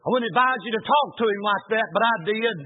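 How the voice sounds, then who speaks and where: A man preaching a sermon, telling a personal story in a folksy way that swings from hushed to shouting. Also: high voice, fast talker. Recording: tinny phone-like sound.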